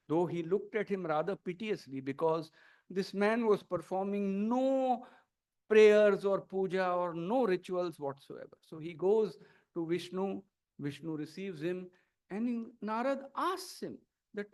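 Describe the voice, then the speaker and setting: A man's voice: sits high, expressive, darkish tone. A man with an Indian English accent telling a parable as a lecture speaker. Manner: measured, story-telling delivery. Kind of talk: storytelling in a lecture.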